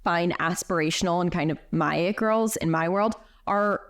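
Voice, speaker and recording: A woman's voice: on the low side, moderate pace. A woman being interviewed in a casual chat. She agrees readily and talks in loose, trailing sentences with frequent restarts. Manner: agreeable, lots of "yeah" and "I love", trailing restarts. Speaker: interview guest.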